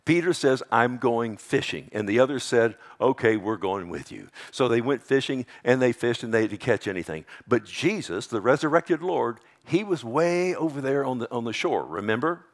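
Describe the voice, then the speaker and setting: A man with a Texas accent preaching a sermon, talking casually to the congregation and asking them for amens. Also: lively intonation. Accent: Texan. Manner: conversational, calls out to congregation for amens; slows and drops low on scripture lines.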